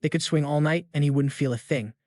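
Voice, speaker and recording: Dude doing a slangy story recap, kinda high voice, dry close sound. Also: male voice, fast talker, a little mellow, no echo. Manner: jokey, slang-heavy asides. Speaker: recap narrator.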